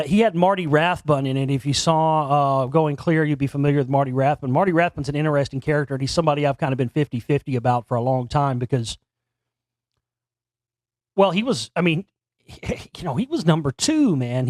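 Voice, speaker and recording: A man's voice: a little high, a little fast, darkish tone, dry recording, clean studio sound. A man hosting a talk show alone, giving casual commentary into a desk microphone and rambling with many restarts and repeated words. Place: home studio near Dallas.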